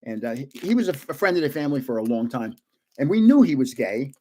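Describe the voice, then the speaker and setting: An older man casually opening trading cards on a live stream, chatty and excitable, guessing aloud and laughing often. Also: medium pitch, fast. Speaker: card-opening vlogger.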